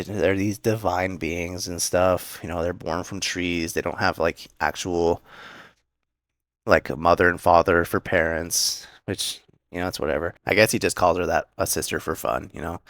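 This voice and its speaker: A young man with a low voice talks through an anime episode in a loose, rambling way, full of fillers and quick asides. The sound is dry and close, with no room behind him. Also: a bit bright, no room sound. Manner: rambling, filler-heavy retelling with quick acted quotes. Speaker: anime recap host. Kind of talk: casual episode breakdown.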